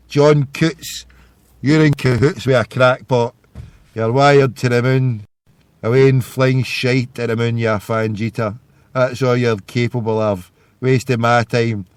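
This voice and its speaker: A man's voice: mid-range voice, clear, resonant tone, no echo. A Scottish man hosting a live internet radio call-in show, ranting and hurling insults in a rambling way.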